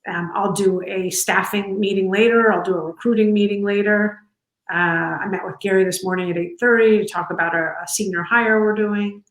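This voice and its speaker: A warm, chatty woman in middle age answers interview questions over a video call. She talks loosely, with plenty of fillers and restarts, at a mid pitch. Her voice carries a roomy echo. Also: steady tone, normal speed. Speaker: company culture executive, interview guest. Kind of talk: casual interview conversation. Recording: echoey room.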